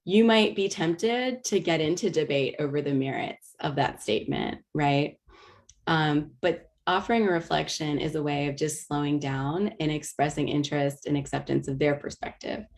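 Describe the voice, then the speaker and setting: A woman's voice: low voice, normal speed, a little mellow. A woman presenting an online teaching webinar over a video call mic. She explains patiently, with frequent ums and restarts. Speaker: workshop presenter.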